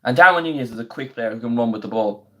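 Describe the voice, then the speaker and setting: Slangy young man, voice half gone. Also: mid-range voice. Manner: chatty and slangy, bursts into quick excited play-by-play. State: voice going hoarse. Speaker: football watchalong streamer. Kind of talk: casual live stream chat with match commentary.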